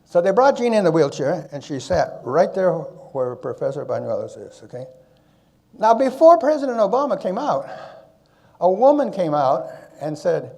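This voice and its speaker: A man's voice: on the high side, normal speed, gravelly. An older man giving a conference keynote, telling stories and handing out advice, with a habit of tagging his points with "okay?". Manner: animated, tag question "okay?" after points. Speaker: conference speaker. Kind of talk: storytelling keynote talk.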